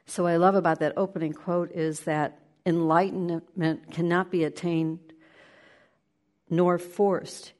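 A woman giving a spiritual talk, shifting between lively play-acting of inner voices and slow, hushed guidance. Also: on the low side. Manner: animated, acts out inner voices with laughter; slows into soft, hushed guidance. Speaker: spiritual teacher.

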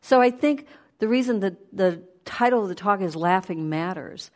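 A woman giving a conversational sermon, animated and storytelling. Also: medium pitch, normal speed. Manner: animated, storytelling, laughs while speaking.

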